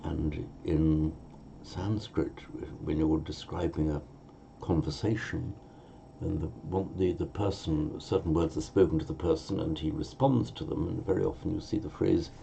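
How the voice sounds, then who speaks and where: Deep gravelly man teaching a language. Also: steady tone, moderate pace, warm tone, slight background noise. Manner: thinking aloud, self-correcting, with many fillers. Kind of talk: language lesson.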